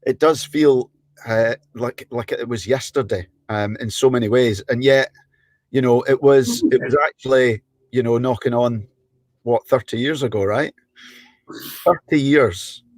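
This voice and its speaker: A man hosting a casual interview chat, teasing his guest and halting over his questions. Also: mid-range voice, no echo. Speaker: host.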